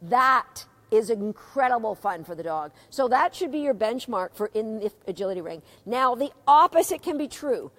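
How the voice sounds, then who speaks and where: A woman's voice: a little high, lively intonation, moderate pace, hardly any pauses, fairly bright tone. A middle-aged woman teaching a live dog agility seminar, chatty, asking her students questions and reading out their comments.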